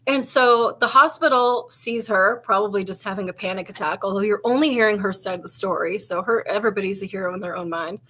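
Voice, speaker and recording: Bright, chatty woman telling cop stories. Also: mid-range voice, fairly quick, hardly any pauses. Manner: chatty storytelling, heavy with "like", casual swearing. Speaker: podcast co-host and police officer. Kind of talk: casual chat.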